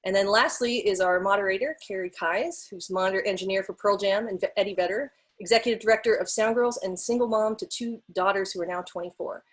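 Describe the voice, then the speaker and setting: A woman's voice: medium pitch, a little fast, hardly any pauses. Woman introducing webinar panelists.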